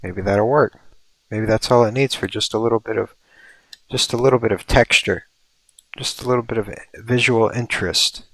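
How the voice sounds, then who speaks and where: A man's voice: fairly low pitch, normal speed, fairly bright tone, no echo. A man streaming a building game, musing and thinking aloud as he works, with playful mock-mystical asides. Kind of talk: casual livestream commentary.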